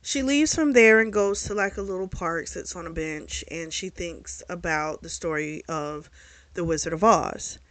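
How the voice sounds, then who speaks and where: A woman talks through a book's plot in a loose, animated way, peppering it with fillers and the occasional curse. Her voice is bright and forceful. The sound is close and dry, with no room around it. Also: fairly low pitch, moderate pace, no echo. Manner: animated retelling full of fillers and swearing. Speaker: book reviewer. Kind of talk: casual spoken book recap.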